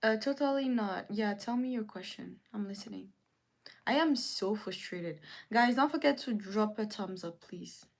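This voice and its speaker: A young woman with a mid-range voice hosts a casual livestream, reading comments aloud. She rants indignantly and repeats herself. Her pitch jumps up sharply when she gets worked up. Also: expressive, normal speed, vocal fry. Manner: indignant, repetitive ranting with sudden rises in pitch. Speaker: livestream host.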